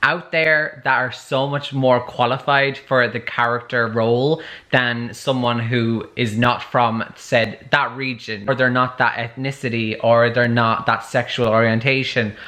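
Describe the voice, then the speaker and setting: Chatty young man with a bright voice. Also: mid-range voice, a little slow. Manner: chatty and excitable, lots of "like". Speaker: book vlogger. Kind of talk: casual vlog chat. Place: home reading nook.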